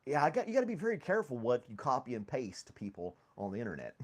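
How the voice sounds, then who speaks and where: A man's voice: mid-range voice, wildly swooping pitch, fast. A man hosting a casual coffee podcast from his home studio, chatty and laughing often as he reads chat and talks to his dog. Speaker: podcast host. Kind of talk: casual live-stream chat. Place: home studio with foam on walls.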